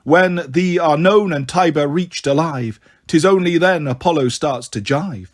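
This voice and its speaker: A man doing a possessed girl's monotone prophecy. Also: fairly high pitch, unhurried. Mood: solemn chanting. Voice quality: flat neutral monotone. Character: possessed girl chanting prophecy, deep monotone.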